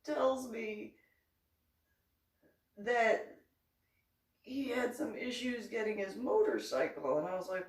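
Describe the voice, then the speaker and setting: A woman's voice: a little high, slow pace, long pauses. Woman, comic storyteller, laughs a lot, acts out voices, distant mic, echoey room. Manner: laughs often, acts out each person. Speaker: reverend and vlogger.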